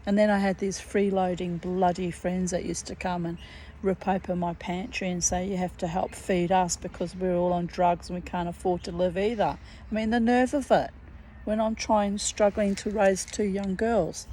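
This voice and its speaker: A woman's voice: on the low side, fairly even intonation, normal speed, warm tone, a little hiss or hum, poor audio. A woman in her fifties from New Zealand, talking to camera in a blunt, chatty, rambling way, with the odd swear word. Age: 50s. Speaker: vlogger. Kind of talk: casual rambling monologue. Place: garden outdoors.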